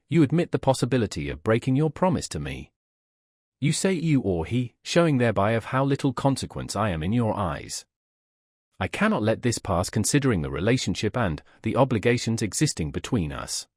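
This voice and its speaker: A man's voice: fairly low pitch, very animated, fairly quick, darkish tone, dry recording, clean studio sound. A man reading as a pompous, touchy suitor. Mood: huffy. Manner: stiff, sententious, aggrieved.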